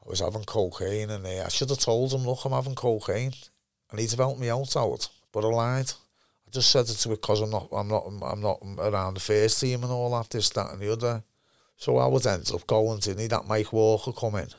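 A man's voice: fairly low pitch, brisk, dry recording, clean studio sound. A man in his fifties with a Liverpool accent, a former footballer telling rambling, sweary stories in a casual interview. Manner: rambling, swears freely, repeats himself.

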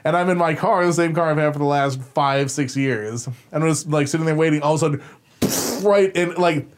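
A man telling a funny story in casual, animated conversation. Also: on the high side, brisk, a little hiss or hum. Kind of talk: casual chat.

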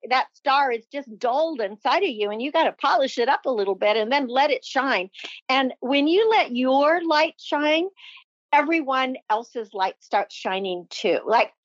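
A woman's voice: sits high, no room sound. A woman guest on a podcast, talking from her home office in an effusive, upbeat, motivational way. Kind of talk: enthusiastic interview talk. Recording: dull, lo-fi sound.

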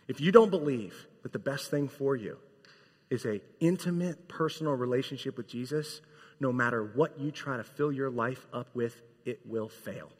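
A man preaching a sermon, emphatic and casual, swinging from loud bursts to hushed lines. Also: mid-range voice, normal speed, breathy edge. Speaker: pastor. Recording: long hall reverb.

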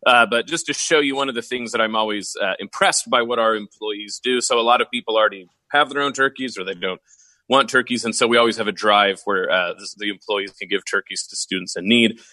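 A man's voice: on the low side, a little fast, bright, forceful tone, no echo, poor audio. A man co-hosting a radio talk show, joking easily with his co-host and addressing listeners as folks. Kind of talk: casual radio talk chat. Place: studio.

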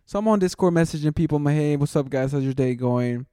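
A man's voice: fairly high pitch, fast talker, mellow, clean tone, no room sound, clean studio sound. A young man telling a long story in casual chat, rambling and saying "dude" constantly, often laughing at himself.

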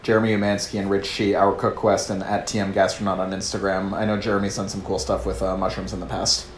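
A man's voice: low-pitched, little pitch movement, fast talker. A man co-hosting a show, chatting casually with brief, easygoing replies. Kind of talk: casual chat. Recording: roomy echo, faint background noise.

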